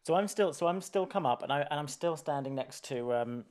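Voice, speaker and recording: A man's voice: on the high side, expressive, brisk, darkish tone. A man talking as a player in a tabletop game, hesitant and rambling as he explains his character.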